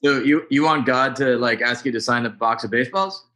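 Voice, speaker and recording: A man hosts an interview and puts his questions in a playful, teasing way. His voice sits in a middle pitch. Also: brisk, sharp tone. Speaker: host.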